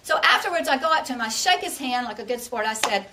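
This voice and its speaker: A woman's voice: on the high side, lively intonation, a little fast, few pauses, far from the mic, crowd noise. A middle-aged woman from Texas, giving a humorous tall-tale speech and laughing through her punchlines. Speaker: contest speaker.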